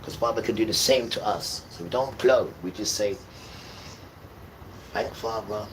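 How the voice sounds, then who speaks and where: A man delivering an impassioned spiritual monologue on a livestream, hammering points through repetition and jumping between loud outbursts and low mutters. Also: unhurried, slight background noise, rough recording. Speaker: livestream host.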